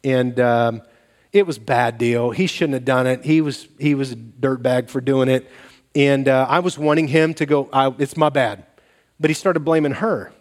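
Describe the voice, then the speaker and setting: A man preaching as pastor uses medium pitch and normal speed as he tells stories and acts out dialogue in animated fashion. Long reverb from a large hall surrounds the recording.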